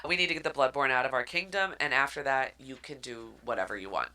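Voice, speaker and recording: A brooding, wry vampire king , as a woman puts him on in her own low, bright voice. He talks earnestly and quickly, like a friend retelling his lines. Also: exaggerated voice. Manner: retold in quick casual asides.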